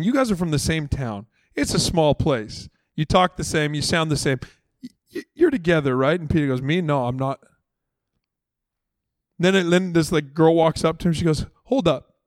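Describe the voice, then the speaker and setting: A man's voice: fairly high pitch, dry recording. A man preaching a sermon in a conversational way, acting out the dialogue of the story in casual, everyday voices. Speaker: pastor.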